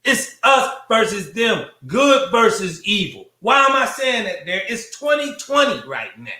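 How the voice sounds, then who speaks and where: A man's voice: high-pitched, sing-song, a little slow, sharp tone. Fiery, profane man preaching in an echoey room. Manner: preachy, profane, rhetorical questions and repetition. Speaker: show host. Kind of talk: fiery monologue commentary.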